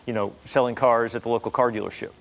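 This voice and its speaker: A man's voice: medium pitch, fairly even intonation, quick pace, creaky, slight background noise. A man hosting a Christian TV talk show, asking questions in an easygoing, conversational way and affirming his guest. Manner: casual, conversational, affirming with short replies. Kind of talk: interview questions. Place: TV studio talk set.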